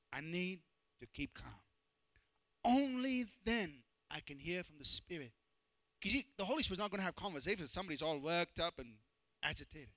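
High, bright-voiced male pastor preaching. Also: no room sound, rough recording. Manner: animated, storytelling with self-deprecating humor. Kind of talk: sermon.

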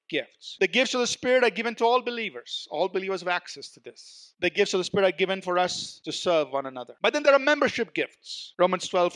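A man's voice: high-pitched, a bit bright. A man preaching a teaching sermon, explaining Greek words and stressing key terms as he goes.

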